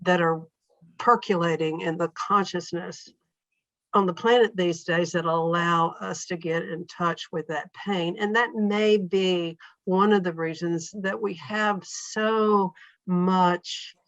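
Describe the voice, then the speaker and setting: A woman with a lowish voice speaks as a podcast guest, calm and reflective, now and then voicing her inner thoughts as quoted lines. The sound is dry, with a slightly dull, muffled quality. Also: slow, no room sound. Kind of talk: reflective conversational interview.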